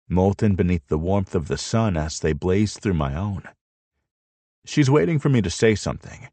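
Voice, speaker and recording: Low, gravelly male audiobook narrator. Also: darkish tone, no room sound. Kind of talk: scripted first-person narration.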